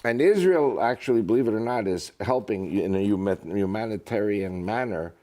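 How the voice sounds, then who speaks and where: Animated, joking male interview guest. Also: on the low side, moderate pace. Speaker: guest speaker. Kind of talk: casual interview chat.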